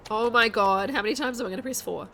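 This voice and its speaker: A woman with a soft New Zealand accent, chatting casually on a live game stream, reading chat aloud and thinking out loud as she plays. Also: a little high, fast talker, creaky, slight background noise.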